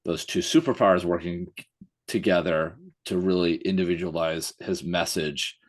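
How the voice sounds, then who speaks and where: A man's voice: low voice, steady tone, normal speed. A male coach speaking hesitantly in a casual podcast chat, with many fillers and self-corrections.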